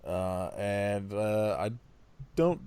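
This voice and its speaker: A man's voice: lowish voice, lively intonation, drawn-out words, dark tone, clean tone, no echo. A man co-hosting a podcast, chatting loosely about a film with dry sarcasm. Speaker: podcast co-host. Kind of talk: casual film-review chat.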